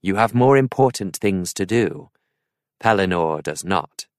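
A man voicing a wise old wizard who speaks in a calm, measured, murmuring way in a storybook reading. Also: deep voice, no echo, studio quality.

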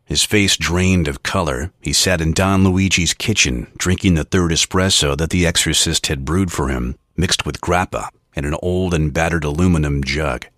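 A man narrating a novel in a steady, even storytelling manner. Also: low-pitched, dry recording, studio quality. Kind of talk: scripted audiobook narration.

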